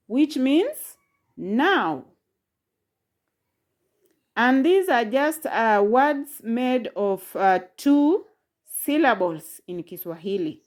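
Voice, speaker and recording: A woman teaching a pronunciation lesson, saying each word slowly and repeating it several times. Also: fairly high pitch, sing-song, a little mellow. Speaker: language teacher. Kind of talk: slow, drilled pronunciation lesson.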